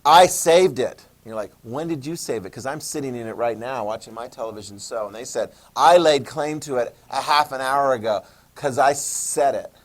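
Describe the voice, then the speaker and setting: A man's voice: medium pitch, a little fast. A man teaching a history class, joking and checking in with questions. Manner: jokey, asks the class questions, "okay?" checks. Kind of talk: classroom lecture.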